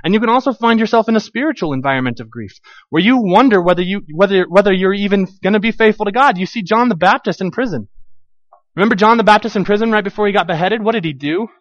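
A man preaching a conversational sermon as a pastor, animated, acting out quoted voices with frequent restarts. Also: high-pitched, quick pace, no echo, highs cut off.

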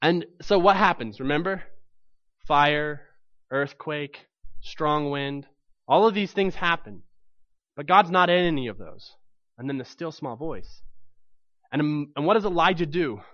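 A man's voice: on the high side, lively intonation, unhurried, pauses often, a bit bright, no echo, muffled recording. A man preaching a sermon to his congregation, telling the story with animation and acting out the voices in it.

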